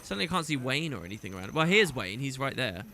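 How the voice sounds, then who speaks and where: Chatty man with a bright voice. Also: medium pitch, sing-song, fast talker. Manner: chatty, reads game lines in put-on voices. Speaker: gaming YouTuber. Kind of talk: let's play commentary.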